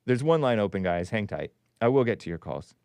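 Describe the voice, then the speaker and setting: Male call-in host, sarcastic and rambling; lively swinging pitch, smooth close-miked voice. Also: fairly quick, no room sound. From California. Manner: sarcastic, rambling, chuckling asides. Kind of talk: casual live-stream commentary.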